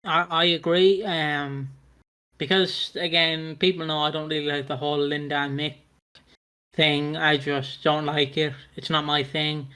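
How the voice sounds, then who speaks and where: A man's voice: a little high, level tone, a little slow, pushed and bright, smooth. A man co-hosting a casual TV review podcast, frank and rambling. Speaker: podcast co-host. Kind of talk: casual chat.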